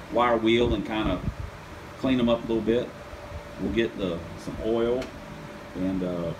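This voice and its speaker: A man's voice: lowish voice, noisy background. A man hosting a casual car-project vlog from his home workshop, laid-back and rambling, poking fun at himself. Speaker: channel host.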